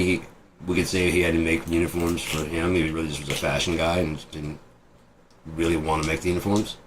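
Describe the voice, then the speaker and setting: Low-voiced young man rambling. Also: fairly even intonation, normal speed, slight background noise. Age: 20s. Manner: rambling, profane, jumps between tangents. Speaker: vlogger. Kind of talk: rambling monologue.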